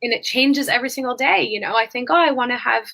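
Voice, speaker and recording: A woman's voice: on the high side, quick pace, creaky, pushed and bright. A woman hosting a conversational podcast, reflective and talking with many filler words. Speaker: podcast host.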